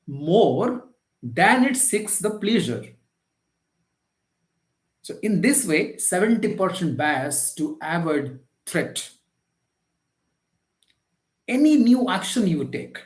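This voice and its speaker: A man's voice: a little high, reverberant, low-quality recording. A man, a life coach giving a motivational live talk, lecturing emphatically and asking rhetorical questions.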